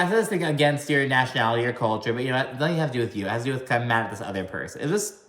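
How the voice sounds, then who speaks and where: A man giving a casual, gossipy recap of a reality show. He swears a lot and mimics cast members' lines in high, exaggerated voices. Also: fairly bright tone, echoey room.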